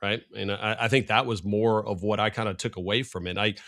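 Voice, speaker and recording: Middle-aged man, bright voice, fast excitable talker, sports guest on a podcast. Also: on the low side. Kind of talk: casual podcast chat.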